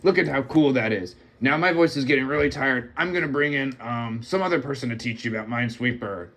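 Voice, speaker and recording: A man voicing a cranky old cartoon scientist, gruff and halting. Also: mid-range voice, a bit bright, a little hiss or hum, close to an everyday voice. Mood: evasive. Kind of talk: comedic cartoon impression.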